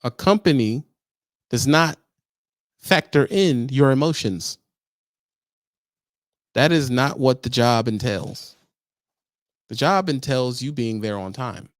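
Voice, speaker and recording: A man's voice: medium pitch, takes it slowly, long pauses, no room sound, studio quality. A man who trains truck drivers, ranting and lecturing in a casual vlog with slang, exasperated and preachy.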